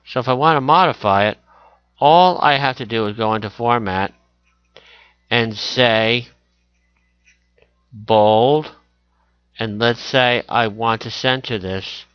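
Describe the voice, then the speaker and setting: A man teaching a screen-recorded software tutorial, talking through each click as he goes and correcting himself along the way. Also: mid-range voice, measured pace, clean tone, dry recording, lo-fi sound.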